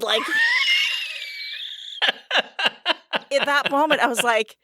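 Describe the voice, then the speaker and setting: A woman's voice: on the high side, unhurried, long pauses, pushed and bright, dry recording, shouting, studio quality. A woman co-hosting a casual podcast, talking frankly and laughing often. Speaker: podcast co-host. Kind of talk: casual chat.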